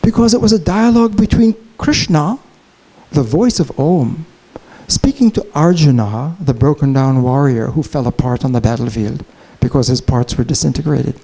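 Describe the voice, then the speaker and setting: A man giving a conference keynote lecture, telling a story in an animated, digressive way. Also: mid-range voice, normal speed, low-quality recording. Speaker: keynote speaker. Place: conference hall, Chicago.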